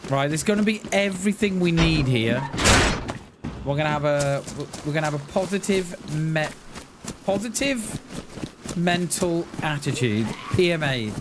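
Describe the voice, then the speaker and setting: Heavy background noise accompanies a man from Wales who laughs a lot and thanks donors while streaming a game and chatting casually with viewers. His voice is a little high and expressive, and he speaks at a measured pace.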